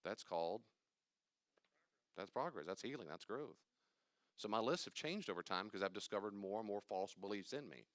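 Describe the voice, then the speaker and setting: Older man teaching, low and emphatic. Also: moderate pace, pauses often, a bit bright, dry recording, clean studio sound. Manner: emphatic, acts out anxious inner voices; conversational, rambling asides. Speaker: pastor. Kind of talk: teaching a church study class.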